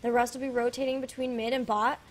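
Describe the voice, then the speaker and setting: High-voiced woman casting esports. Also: level tone. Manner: brisk, upbeat play-by-play. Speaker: esports caster. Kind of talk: esports play-by-play commentary. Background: faint game music.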